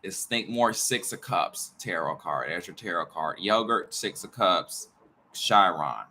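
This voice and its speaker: A man's voice: sits low, lively intonation, unhurried, pushed and bright, a little hiss or hum. A man who teaches astrology and tarot, rambling in a casual monologue, repeating himself, jumping between ideas and muttering swears.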